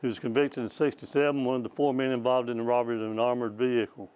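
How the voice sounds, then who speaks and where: An older man with a drawl tells a long story in a library presentation. He rambles in a folksy way, stumbling over his words and chuckling at his own tales. His pitch sits right in the middle for a man. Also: level tone, fast talker, darkish tone, clean tone, rough recording. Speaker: former state trooper giving a presentation. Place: small public library talk.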